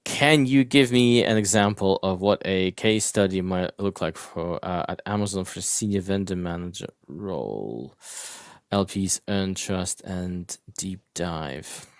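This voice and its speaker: A man co-hosting a live interview coaching session, reading viewer questions aloud and answering them in a relaxed, casual way. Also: low voice, a little slow, no room sound, studio quality.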